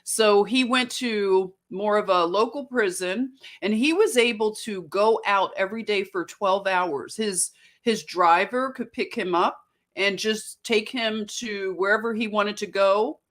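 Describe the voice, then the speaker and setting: A woman's voice: medium pitch, a little slow, a bit bright. An American woman hosting a casual livestream, greeting viewers by name and talking things through with frequent restarts and self-corrections. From United States. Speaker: livestream host.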